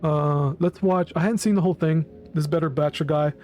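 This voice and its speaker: A man giving casual reaction commentary, rambling and blunt, swearing often and filling pauses with ums and "right?". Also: on the high side, steady tone, darkish tone, soft background music. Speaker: commentary channel host.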